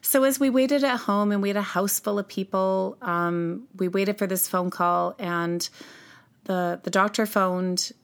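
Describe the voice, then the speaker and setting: A mother recounting her own story as an interview guest, earnest and halting with frequent restarts. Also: medium pitch. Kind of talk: personal storytelling in conversation.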